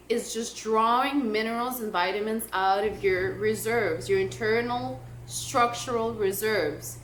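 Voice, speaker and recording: A woman's voice: a little high, fairly bright tone. A young woman vlogging to camera, talking in a passionate, emphatic way with lots of "like". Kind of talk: casual talk to camera. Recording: echoey room, faint noise.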